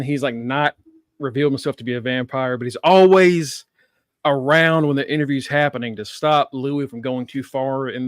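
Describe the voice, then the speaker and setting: A man's voice: mid-range voice, dry recording, clean studio sound. Laughing man in casual chat. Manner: swears and laughs often. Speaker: podcast host.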